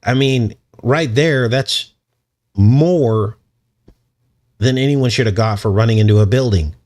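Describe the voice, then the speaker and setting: A man's voice: medium pitch, unhurried, a little mellow. A man hosting a casual livestream, rambling and chuckling as he answers his viewers' chat. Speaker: channel host.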